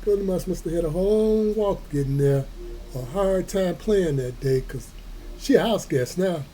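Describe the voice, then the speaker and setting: A man reading a children's story aloud, slow and folksy, with playful chatty asides. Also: high voice, expressive, dark tone, a little hiss or hum, rough recording. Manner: slow, folksy, adds playful comments to listeners.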